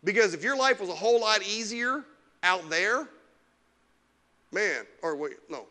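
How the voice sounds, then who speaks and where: A man preaching a lively sermon as pastor in a church, teasing the congregation and mocking whiny complainers. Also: sits high, a little slow. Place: church sanctuary.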